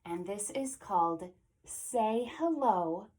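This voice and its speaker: Animated, sing-song storytime woman. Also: medium pitch, a little slow, breathy edge. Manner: animated, sing-song, dips into soft whispers. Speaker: children's librarian. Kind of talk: storytime read-aloud.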